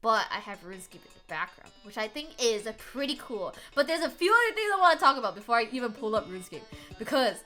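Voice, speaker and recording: Young woman yapping on stream, high voice, giggles a lot, swears, soft music behind. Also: sing-song, quick pace. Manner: rambling, giggly, swears often. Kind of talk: casual chat.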